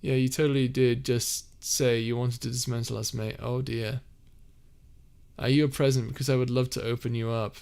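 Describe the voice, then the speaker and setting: A man's voice: medium pitch, flat delivery, normal speed, gravelly, a little mellow, clear, resonant tone. A young man streaming from home. He reads chat aloud and answers in a rambling, easygoing way with many restarts. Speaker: streamer and audio roleplay creator. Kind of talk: casual live-stream chat, reading comments. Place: a house, indoors.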